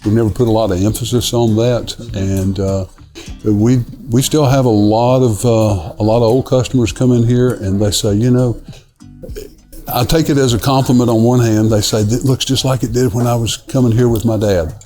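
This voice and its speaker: A middle-aged man speaks in a warm, mellow tone at a mid pitch. He tells stories in an unhurried, rambling way, stopping for "uh" and restarting sentences, as if sitting with a guest in his own restaurant. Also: steady tone, soft background music. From Newport, Tennessee. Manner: rambling, easygoing, many fillers and restarts. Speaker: restaurant owner, son of the founder. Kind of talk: casual storytelling interview. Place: inside a dim windowless restaurant.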